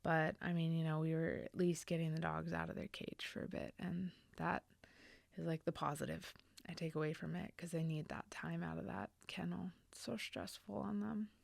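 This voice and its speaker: Woman podcast host, slightly low voice, earnest and halting, speaks close to a dry mic. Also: flat delivery, creaky, dry recording. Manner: earnest, reflective, halting with many fillers. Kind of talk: personal storytelling on a podcast.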